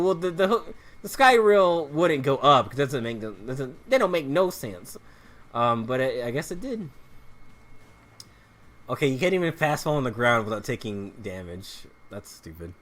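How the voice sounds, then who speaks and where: A man's voice: mid-range voice, sing-song, a little slow, a bit bright. A man giving casual commentary while playing a video game, rambling loosely with restarts and muttered asides about what he is playing. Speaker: let's play commentator.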